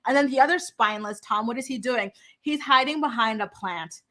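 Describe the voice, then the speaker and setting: Young female recap host, sharp-toned and a bit high, dishing sassy gossip with lots of fillers. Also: fairly quick. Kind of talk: casual recap commentary.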